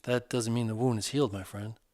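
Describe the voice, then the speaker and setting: A man doing a calm, gentle male teacher. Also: mid-range voice, brisk, no room sound, studio quality, close to an everyday voice. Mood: calm, caring. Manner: soft-spoken, reassuring, lightly teasing.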